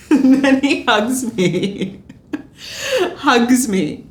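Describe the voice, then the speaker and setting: Her voice sits low with vocal fry and a dark tone, moving at a moderate pace in an echoey room. It's film drama dialogue: an actress as a drunk, bitter, sarcastic Australian political media adviser rambling through a tale.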